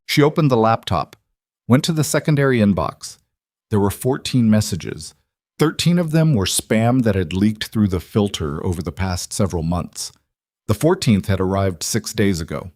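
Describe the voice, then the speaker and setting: A man narrating a story in a steady, deliberate audiobook reading. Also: on the low side, no echo, clean studio sound.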